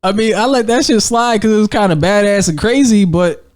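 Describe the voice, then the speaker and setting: A man co-hosting a podcast, chatting casually and telling animated, profanity-laced stories with frequent laughter. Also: sits high, fairly quick, no echo, studio quality. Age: adult with a young daughter. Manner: animated storytelling, heavy profanity, laughs often. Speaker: podcast co-host. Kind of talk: casual chat.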